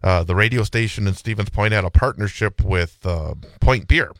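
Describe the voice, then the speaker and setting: A man from Wisconsin hosts morning talk radio in a low voice, rambling easily between topics with plenty of fillers. The sound is close and dry, a studio microphone. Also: normal speed, a bit bright, no echo. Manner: chatty, rambling, many fillers and restarts. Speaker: radio talk show host. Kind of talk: casual talk radio chat.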